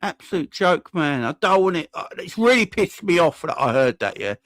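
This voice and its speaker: A man's voice: on the high side, sing-song, normal speed, few pauses, a bit bright, no room sound. A man hosting a live-stream football fan channel, ranting heatedly, swearing and talking to his chat.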